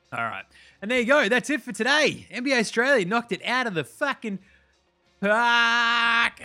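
A man's voice: medium pitch, bright, forceful tone. A man hosting a daily podcast, wrapping up the episode in a loose, casual way, swearing freely and rattling off plugs. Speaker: podcast host. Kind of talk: casual show sign-off.

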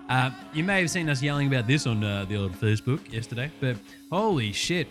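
An Australian man in his young adult years hosts a sports podcast, swearing freely and getting worked up. His voice sits slightly higher than most men's, and faint music plays behind him. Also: fairly quick, few pauses. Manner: sweary, heated, animated. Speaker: podcast host. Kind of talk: casual sports rant.

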